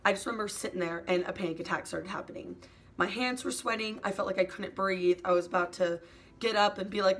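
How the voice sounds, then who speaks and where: A young woman YouTuber talking in a soft, hesitant confessional vlog, full of "like" fillers and sometimes close to tears. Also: mid-range voice, steady tone, fast talker. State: emotional, near tears at times.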